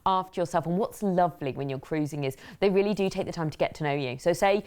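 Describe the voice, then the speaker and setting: A woman presenting cruise deals on TV, bubbly and excitable, often laughing as she talks. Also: on the low side, quick pace. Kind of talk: enthusiastic sales chat.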